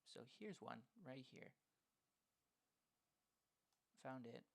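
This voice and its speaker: A man's voice: medium pitch, lively intonation, moderate pace, gravelly. A man presenting a phonics lesson plan in a casual, explanatory way, with frequent ums, over a screen recording.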